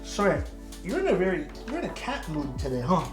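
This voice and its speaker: While tinkering with a keyboard on stream, this young man fields chat casually over faint background music. His high voice swings hugely in pitch, runs a little fast, and is loose and full of fillers.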